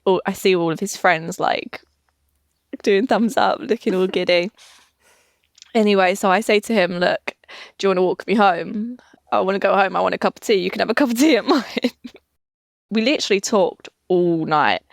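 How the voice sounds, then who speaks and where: A woman's voice: mid-range voice, dry recording, clean studio sound. A young woman in her twenties, telling a dating story casually, laughing and acting out quotes. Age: 20s. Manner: chatty, laughs often, acts out quotes. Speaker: podcast guest.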